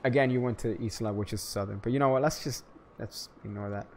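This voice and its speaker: A man's voice: fairly low pitch, fast, slight background noise. Rambling, joking young man streaming a game. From Florida. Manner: rambling, joking, profane, swings into loud hyped outbursts. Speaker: gaming streamer. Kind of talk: casual gameplay commentary.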